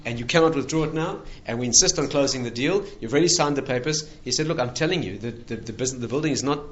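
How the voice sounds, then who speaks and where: Male rabbi, chatty storyteller, mid-pitched voice, slightly dull lo-fi sound. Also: quick pace. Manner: animated anecdotes, laughing at punchlines. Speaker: rabbi and lecturer. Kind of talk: conversational storytelling talk.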